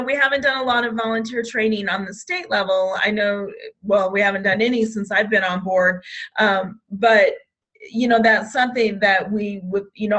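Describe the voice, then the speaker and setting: A state program trainer presents a staff training session, often restarting phrases and hiccuping now and then. Her voice is fairly high in pitch with a fairly bright tone.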